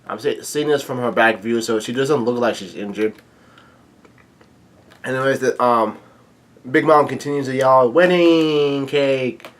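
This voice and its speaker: A man casually narrating a comic read-along, halting with many fillers. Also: mid-range voice, a bit bright. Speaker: channel host reading a comic aloud.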